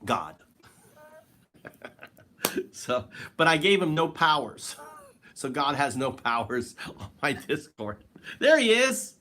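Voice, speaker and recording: A man's voice: mid-range voice, expressive, takes it slowly, long pauses, bright, forceful tone. A man hosting a solo livestream from home, rambling in a wry, joking way and talking to an absent listener. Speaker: livestream host.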